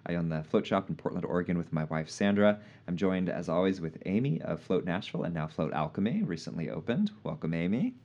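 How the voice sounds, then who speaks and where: A man hosting a casual live podcast, easygoing and quick to laugh, with plenty of "uh" fillers. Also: low voice, big pitch swings, darkish tone, lo-fi sound. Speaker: podcast host.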